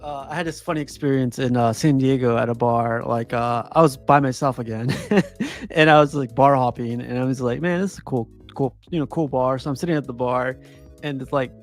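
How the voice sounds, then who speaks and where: A man's voice: mid-range voice, fairly quick, faint music behind. A man in casual chat, easygoing and joking, laughing often.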